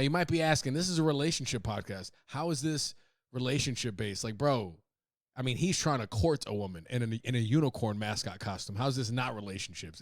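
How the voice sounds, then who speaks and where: A man's voice: medium pitch, no echo, studio quality. A man hosting a podcast, riffing in a loose, profane, joking way and laughing at his own bits. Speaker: podcast host. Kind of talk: casual comedic monologue.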